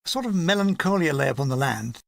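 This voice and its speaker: A man narrating a comic war memoir in a high, lively voice that rises and dips freely. He reads as an audiobook narrator and drops in voices for the people he describes. The recording is dry and close. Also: quick pace, creaky, dry recording. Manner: lively, animated reading with put-on character voices. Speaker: audiobook reader.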